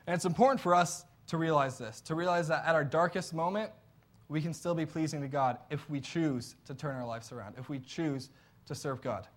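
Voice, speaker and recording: Man, sermon, earnest storytelling, slightly high voice. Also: fairly quick. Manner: earnest, conversational storytelling with restarts. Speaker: preacher.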